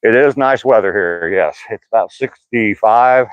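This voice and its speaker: A man's voice: lowish voice, moderate pace, clean tone, no echo. An older man chatting casually with live chat viewers by name on an outdoor walk, mentioning his sore hip. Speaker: vlogger reading live chat.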